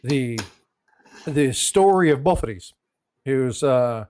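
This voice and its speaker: A man's voice: medium pitch, animated, slow pace, a little mellow. A man hosting a casual coin channel, rambling through stories and a joke with many restarts. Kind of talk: casual chat.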